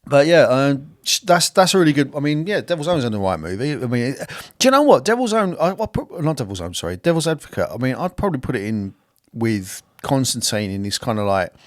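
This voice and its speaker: A man's voice: medium pitch, sing-song, fast talker, dry recording, studio quality. Blunt, sweary male podcast co-host. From second-generation Irish. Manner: blunt, sweary, rambling with many fillers. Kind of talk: casual film chat.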